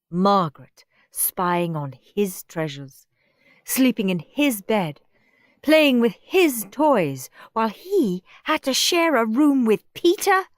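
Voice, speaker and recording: Slow, expressive woman reading a children's book. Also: on the high side, dry recording, clean studio sound. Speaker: audiobook reader. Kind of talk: storybook narration.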